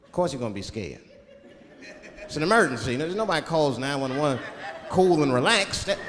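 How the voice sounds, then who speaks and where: A man with a Washington DC accent doing a stand-up comedy set, animated and slipping into put-on voices for his bits. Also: a little high, fairly quick, in a large hall. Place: large theater with live audience. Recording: live theater recording with audience noise.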